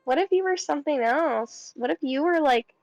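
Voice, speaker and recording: Young woman player, chatty and meandering, bright-pitched, dry. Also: lively intonation, normal speed, no echo, highs cut off. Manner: rambling, chatty, filler-heavy. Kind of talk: casual tabletop role-play.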